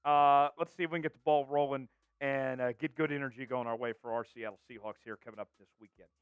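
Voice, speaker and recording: A man's voice: mid-range voice, steady tone, fast talker, clear, resonant tone, no echo, lo-fi sound. A man hosting a live sports show, talking energetically and calling out viewers from the chat. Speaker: show host.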